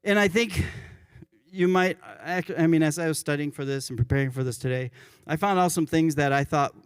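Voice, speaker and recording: A worship pastor giving a conversational church sermon, often correcting himself mid-sentence. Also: male voice, a little high, brisk, smooth, dry recording, studio quality. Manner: conversational, self-correcting, chuckles at his own examples. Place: church sanctuary.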